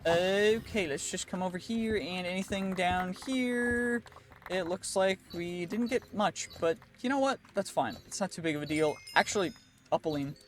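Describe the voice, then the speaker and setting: A man giving chatty gameplay commentary as a channel host, thinking aloud and reacting quickly to what happens on screen. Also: sits high, a little hiss or hum. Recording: voice over background music. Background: background music.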